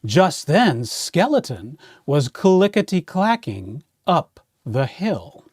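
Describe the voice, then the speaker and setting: Playing a playful, theatrical vampire count, a children's librarian hosts storytime and reads a picture book aloud. His fairly high, husky voice is very animated yet slow-paced, captured at studio quality without echo.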